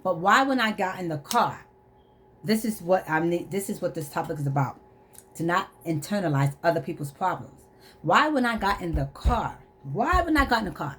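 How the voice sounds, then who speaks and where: A woman telling a personal testimony in a vlog, animated, acting out quoted dialogue and repeating phrases for emphasis. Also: medium pitch, moderate pace. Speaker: vlogger.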